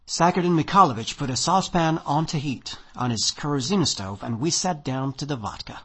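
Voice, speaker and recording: A man reads a short story aloud in a husky voice. His pitch sits slightly high and moves a lot, giving the narration an expressive, storytelling lilt. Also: a little fast, few pauses. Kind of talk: audiobook reading of a short story.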